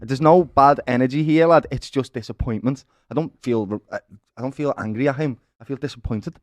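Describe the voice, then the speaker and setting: A man's voice: medium pitch, fairly quick, dry recording. A man with a Liverpool accent co-hosting a football fan show, talking emphatically and passionately and often calling people "lad" and "brother". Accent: Liverpool (Scouse). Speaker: football fan-channel co-host. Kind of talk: animated football fan discussion.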